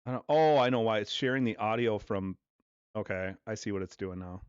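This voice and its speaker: Lo-fi casual streamer man, low voice. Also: fairly quick, smooth, no echo. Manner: loose, profane chatter with offhand play-by-play. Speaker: livestreamer. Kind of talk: casual livestream chat. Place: at home. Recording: dull lo-fi dry sound.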